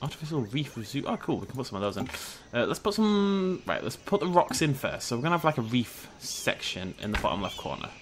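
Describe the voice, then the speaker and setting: Young man, playful let's-play commentary, very animated pitch, faint background noise. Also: fast, hardly any pauses. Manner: chatty, jokey, talks to the animals, sudden shrieks of surprise. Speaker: gaming video host.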